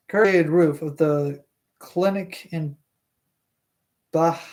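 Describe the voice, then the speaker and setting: A streamer reading a novel aloud live, tripping over hard words, correcting themselves, and breaking off for chatty asides. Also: medium pitch.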